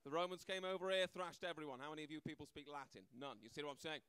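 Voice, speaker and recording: A brash man doing stand-up, rattling through his set at a fast clip with a fairly high voice. His sound is crisp and clean. The mic is close and dry. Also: a bit bright, no echo. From Britain. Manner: brash, conversational, acts out voices, keeps asking "right?". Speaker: stand-up comedian. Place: comedy club stage, live audience.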